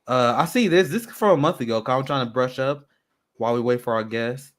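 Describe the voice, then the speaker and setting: A man's voice: medium pitch, fairly quick. A man hosting a casual livestream, loose and chatty with lots of fillers. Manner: loose, chatty, self-deprecating, many fillers. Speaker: host.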